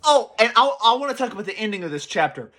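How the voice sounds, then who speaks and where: Young man, casual rambling commentary, swears a lot, raised pitch, sharp tone. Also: fast. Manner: excitable, rambling, swears freely, repeats himself. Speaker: anime commentary channel host.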